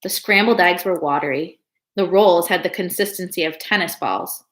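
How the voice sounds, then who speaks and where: A woman reading a children's novel aloud, in a calm and steady storytelling manner. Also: on the low side, normal speed. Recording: echoey room.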